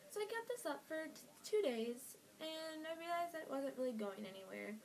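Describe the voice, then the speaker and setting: A woman's voice: high voice, animated, moderate pace, darkish tone, rough recording. A teenage woman chatting to camera, telling a story in a bubbly way while tired late at night. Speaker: vlogger. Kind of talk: casual chat to camera.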